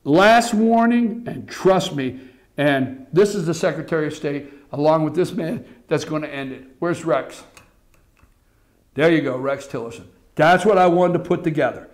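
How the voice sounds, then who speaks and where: A man hosting a political commentary show, talking to the audience in an animated, repetitive way and calling them folks. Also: on the high side, moderate pace. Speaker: political talk show host. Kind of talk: opinionated commentary.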